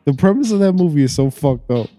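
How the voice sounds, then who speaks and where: Animated, joking podcast host, a man. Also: a little high, fast, soft background music. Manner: animated, jokey, slips into put-on voices. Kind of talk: casual chat.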